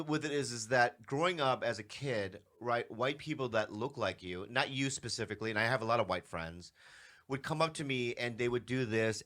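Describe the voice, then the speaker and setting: A man's voice: lowish voice, fairly bright tone. A man co-hosting a podcast, talking earnestly in casual conversation and often checking in with "right?". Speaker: podcast host.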